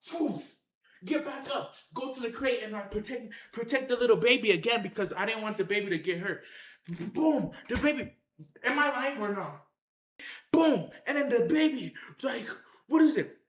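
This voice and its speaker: A vlogger excitedly telling a story straight to viewers, full of slang and shouted sound effects like "boom". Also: normal speed, echoey room. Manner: slangy, addresses the audience directly.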